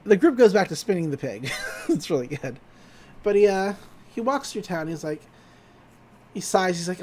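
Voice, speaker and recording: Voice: mid-range voice, very animated, moderate pace, a little mellow. A podcast host casually recapping a cartoon episode, chatty and giggly with lots of fillers.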